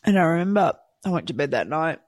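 A woman telling a personal story candidly and from the heart, rushing and restarting her sentences. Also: deep voice, sing-song, darkish tone, dry recording. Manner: heartfelt, rushed, with frequent restarts. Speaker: storyteller sharing a personal experience.

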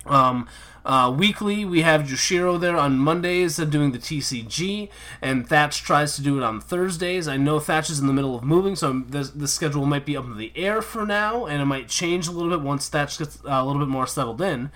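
Man, podcast host, bright voice, slightly high, loose rambling delivery with fillers. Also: animated, a little fast. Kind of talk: casual podcast outro.

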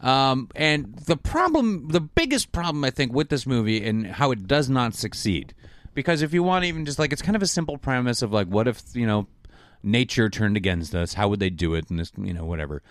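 A man casually discussing a film with friends, animated and mocking the characters in silly voices. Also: medium pitch, a little fast, no echo.

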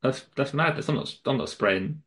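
A man co-hosts a relaxed chat with a mid-range voice. He is sympathetic and often stumbles and restarts his sentences. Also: mid-range voice. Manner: sympathetic, halting, with many restarts. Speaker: co-host. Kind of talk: casual podcast chat.

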